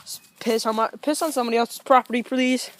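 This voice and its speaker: Talking fast in a fairly high, steady voice, a woman vlogs casually from her outdoor yard. She addresses her dogs directly, blunt and profane, in a teasing, scolding manner.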